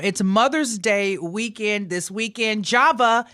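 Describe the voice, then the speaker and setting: A woman's voice: mid-range voice, big pitch swings, moderate pace, fairly bright tone, no room sound, clean studio sound. A woman hosting a radio show in casual, playful chat, teasing her co-host and laughing easily. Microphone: studio microphone.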